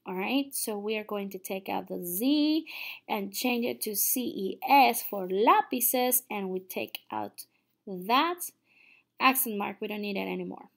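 Young woman walking students through a lesson, lots of "okay?", bit of vocal fry. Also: mid-range voice, lively intonation, a little slow. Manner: patient, checks in with frequent "okay?". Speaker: Spanish teacher. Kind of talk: recorded online lesson.

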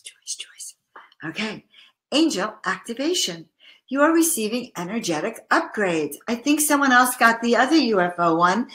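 A woman's voice: on the high side, sharp tone. A middle-aged woman hosting a live-stream card reading, chatty and effusive, calling viewers by name and passing on spiritual messages. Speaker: spiritual card reader and host.

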